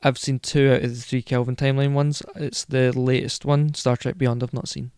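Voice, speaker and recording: A man's voice: medium pitch, level tone, moderate pace, darkish tone, smooth, no room sound, studio quality. A man co-hosting a casual podcast chat, rambling and correcting himself as he goes. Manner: rambling, self-correcting, enthusiastic. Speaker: podcast co-host.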